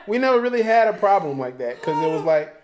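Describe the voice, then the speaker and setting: A high-voiced man chats casually and acts out every story with animated, quoted voices. His pitch swings widely as he goes. The room is echoey, with a faint hiss behind him. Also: fast talker. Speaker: co-host. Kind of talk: casual chat.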